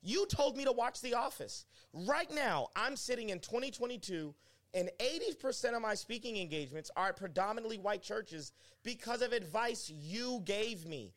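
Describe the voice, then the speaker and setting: A young man, a pastor, talking as a guest in a casual conversation and telling stories emphatically. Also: moderate pace. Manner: animated, emphatic storytelling with pitch swings.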